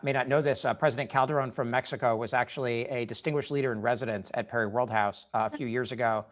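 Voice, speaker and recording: A man moderating a virtual event, asking questions in a halting way with many fillers. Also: mid-range voice, steady tone, fairly bright tone, soft background music. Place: video call.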